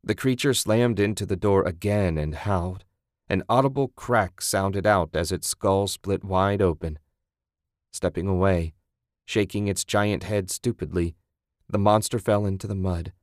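Man, very deep voice, horror story narrator, steady measured reading, dry close sound. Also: dry recording.

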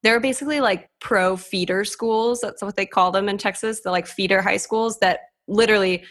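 A young woman co-hosts a podcast over a video call, her mid-range voice fairly bright and fairly even at a normal speed. She's chatty, laughs often, and packs her talk with "like" fillers.

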